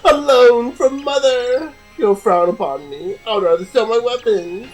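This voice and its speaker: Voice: medium pitch, measured pace, darkish tone, faint music behind, pitched above the performer's own voice, close to an everyday voice, poor audio. A gamer voicing a miserly coin-hoarding fighter with a dramatic, possessive manner. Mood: haughty.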